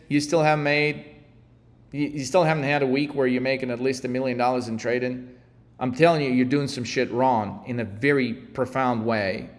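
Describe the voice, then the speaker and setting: A man coaching traders in a blunt, heated, profane rant. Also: mid-range voice. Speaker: trading coach. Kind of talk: ranting monologue. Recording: echoey reverberant room.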